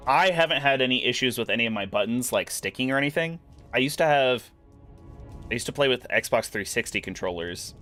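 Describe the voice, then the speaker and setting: A man's voice: medium pitch, lively intonation, a little fast, a bit bright. Chatty male game streamer over music. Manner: chatty, reads and answers chat, frequent "like" fillers. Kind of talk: casual gameplay commentary.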